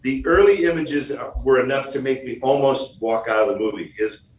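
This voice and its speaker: A man's voice: medium pitch, animated, normal speed, reverberant, slight background noise. Michigan guy guesting on a podcast, joking around, acting out quotes, kinda far off the mic. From Michigan, USA. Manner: jokey storyteller, plays out quoted lines. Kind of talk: podcast interview.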